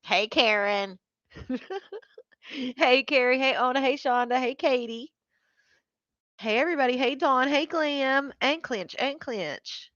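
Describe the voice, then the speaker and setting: A woman's voice: sits high, takes it slowly, pauses often, fairly bright tone, no echo, muffled recording. A woman hosting a casual live stream, greeting viewers by name and laughing often.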